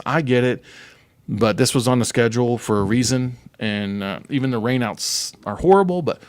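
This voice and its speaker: A man's voice: medium pitch, dry recording. A middle-aged man who promotes a speedway, co-hosting a casual podcast, rambling and teasing his co-host. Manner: rambling, joking, quick to tease.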